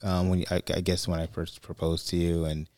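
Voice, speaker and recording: A man co-hosting a podcast, telling a family story in a rambling, animated way. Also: sits low, a little fast, no room sound, clean studio sound. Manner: rambling, restarts and fillers, animated when quoting. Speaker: podcast co-host. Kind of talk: casual chat, storytelling.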